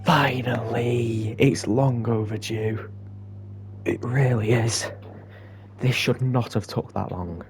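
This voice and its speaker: A young man commentating on his own football video game match, moving between quiet muttered asides and excited outbursts. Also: lowish voice, takes it slowly, long pauses, slight background noise. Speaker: gaming YouTuber. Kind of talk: gameplay commentary.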